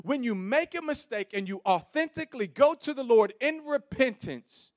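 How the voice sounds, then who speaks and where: High-voiced preaching man, shouting and soft. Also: animated, normal speed, dry recording, clean studio sound. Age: young adult. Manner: builds from soft pleading to shouted, sing-song preaching; folksy, calls out to the congregation. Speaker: pastor. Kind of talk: sermon. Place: church sanctuary before a congregation.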